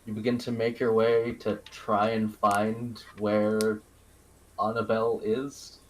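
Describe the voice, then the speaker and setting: A man narrating as game master in a live-streamed tabletop game, relaxed and chuckling as he explains the rules. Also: lowish voice, slow, slight background noise, poor audio.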